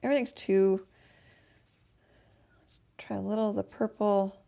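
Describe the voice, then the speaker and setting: Brief: woman art teacher on a studio livestream, gravelly fry, thinks aloud while painting. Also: medium pitch, fairly even intonation, measured pace, dark tone. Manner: musing, self-talk while painting, trails off. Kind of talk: casual painting livestream commentary.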